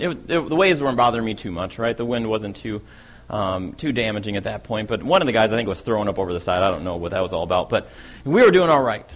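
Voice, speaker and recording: A man's voice: mid-range voice, natural voice. A man playing an eager, bold fisherman apostle in a first-person dramatic monologue, telling his story in a chatty way and often asking "right?".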